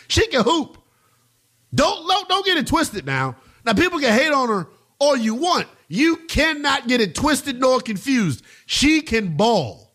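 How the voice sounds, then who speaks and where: Animated, high-voiced sports talk host. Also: male voice. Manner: emphatic, animated, slangy and blunt.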